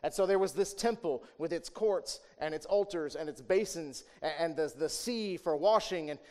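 At a moderate pace and a fairly high pitch, a male pastor delivers his sermon like a conversation. Rhetorical questions and tag-on "right?"s punctuate it as he moves between emphatic outbursts and hushed asides.

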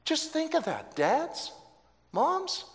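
A man's voice: very high-pitched, wildly swooping pitch, takes it slowly. A man preaching a sermon, telling a story dramatically and with emphasis. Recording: long hall reverb.

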